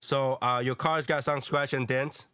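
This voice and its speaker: Calm man with a dry close sound. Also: medium pitch, clear, resonant tone, no echo. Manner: calm, reassuring, measured. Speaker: panel host. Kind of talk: casual chat.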